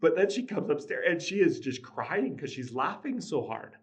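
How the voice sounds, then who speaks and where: A man's voice: fairly high pitch, big pitch swings, normal speed. A man hosting a casual motivational talk on parenting, telling a family story in an earnest way with chuckles and frequent restarts. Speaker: podcast host, father.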